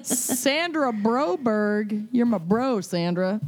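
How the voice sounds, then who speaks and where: A woman co-hosting a casual podcast, reading shout-outs with puns and frequent laughter. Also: fairly high pitch, animated, slow pace. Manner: playful, punning, laughs often. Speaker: podcast co-host.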